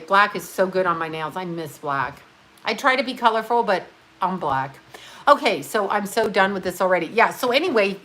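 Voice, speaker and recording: This is a woman in her fifties hosting a casual livestream and rambling as she paints her nails. Her talk is blunt and full of swearing, and it drifts from one thing to the next. Her voice sits at an ordinary middle pitch. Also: fairly bright tone. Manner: blunt, profane, chatty while doing her nails. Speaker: livestream host.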